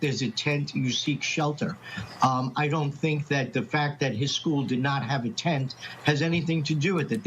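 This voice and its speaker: A man commenting on a news panel, halting and restarting as he argues his point. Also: a little high, a bit bright, lo-fi sound, slight background noise.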